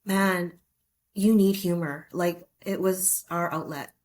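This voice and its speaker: A woman guest in a casual podcast interview, talking in a relaxed, chatty way. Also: fairly low pitch, slow pace. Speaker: guest, sister.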